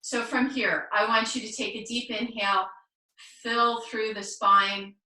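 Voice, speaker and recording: A woman teaching a live online yoga class, cueing poses gently and encouragingly with playful asides. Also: on the high side, steady tone, unhurried, reverberant, recorded from a distance, poor audio. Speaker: yoga instructor. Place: home room, on a video call.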